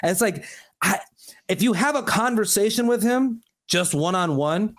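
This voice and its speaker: Man co-host, slightly high voice, rambling and earnest, casual. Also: animated, moderate pace, a bit bright. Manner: rambling, lots of fillers and restarts, earnest. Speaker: podcast co-host. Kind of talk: casual chat.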